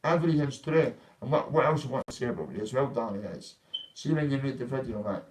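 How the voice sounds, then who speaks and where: Vlogger, young man, blunt and confrontational, swears freely, mid pitch. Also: expressive, fast, a little mellow, rough recording. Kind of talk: casual ranting vlog.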